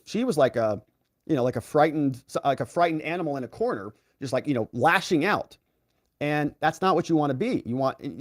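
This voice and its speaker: A man with a fairly high, lively voice hosts a live stream, reading out viewer comments and reacting with quick opinions. His pitch swings widely as he talks. The sound is dry and close, with no room around it. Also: dry recording. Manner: animated, reads viewer comments aloud and reacts. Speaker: host reading live chat.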